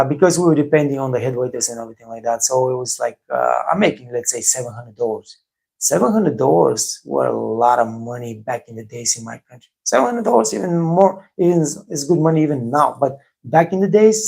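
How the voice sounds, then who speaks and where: Blunt Bulgarian man with gravelly voice. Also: mid-range voice, a little mellow. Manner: blunt, repeats himself, many fillers. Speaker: host of a live stream for waiters. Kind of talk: casual live-stream advice talk.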